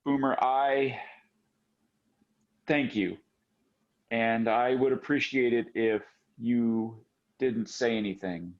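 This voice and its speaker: A man's voice: a little high, unhurried, pauses often, a bit bright, dull audio. A man doing a stammering nervous young woman. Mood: composed. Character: flustered grieving young woman.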